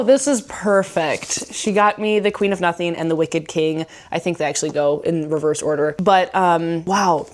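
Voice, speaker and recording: A woman's voice: lowish voice, a little hiss or hum. Bubbly young woman vlogging at home. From United States. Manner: bubbly, gushing, laughs often. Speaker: book vlogger. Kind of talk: casual vlog chat. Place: at home indoors.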